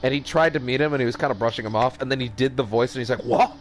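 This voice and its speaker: A man's voice: mid-range voice, racing, slight background noise. A man co-hosting a podcast who rambles, restarts his sentences, swears and laughs often. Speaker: podcast co-host. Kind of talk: casual chat.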